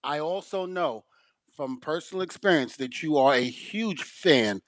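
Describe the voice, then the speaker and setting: Guy co-host joking around, kinda high voice, dry close mic. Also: expressive, measured pace, dry recording. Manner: playful, teasing, laughs often. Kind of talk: casual chat.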